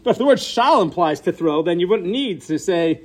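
In a high, expressive voice with a darkish tone, this man leads a Torah class at a moderate pace. His inquisitive style has him ask and then answer questions, with Hebrew and Yiddish-style terms woven into his English.

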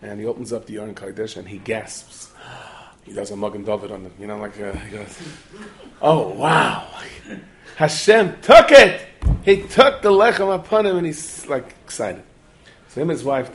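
A man telling a Torah story in the manner of a sermon, animated and studded with Yiddish and Hebrew terms, acting out the characters. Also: on the low side.

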